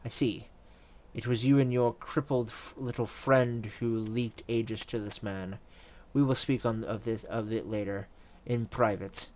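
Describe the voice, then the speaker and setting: Man voicing an icy patriarch: low, formal, clipped commands. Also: fairly even intonation, a little slow, darkish tone, lightly acted. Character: cold, stern wealthy older father.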